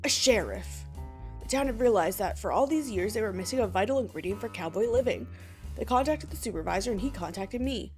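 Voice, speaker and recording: A pompous lobster police officer from a game, read aloud by a woman tells a story with bouncy, lively pitch. He lays on his own importance and talks down a little to his partner. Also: brisk, soft background music, lightly acted. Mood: self-important.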